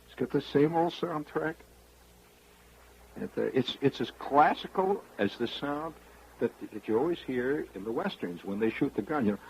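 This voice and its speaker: A man's voice: medium pitch, animated, normal speed, slightly rough, poor audio. A man hosting a radio show, spinning a rambling, wry monologue straight to the listener. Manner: rambling storyteller, confiding, wry. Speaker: radio host.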